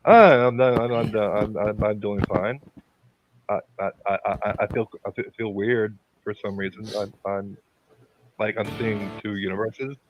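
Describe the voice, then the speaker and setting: A man in a jokey podcast chat stammers over his words, sounding a touch low in pitch. His mic is dull and lo-fi with a faint hiss. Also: fairly even intonation, a little slow. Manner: heavy stammering, nervous laughs. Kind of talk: comedic podcast banter.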